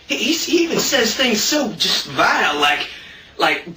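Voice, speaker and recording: A man delivering a deadpan satirical monologue in character as a preacher, rambling, repeating himself and leaning on "you know" fillers. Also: sits high, a little slow, echoey room, far from the mic, slight background noise, low-quality recording.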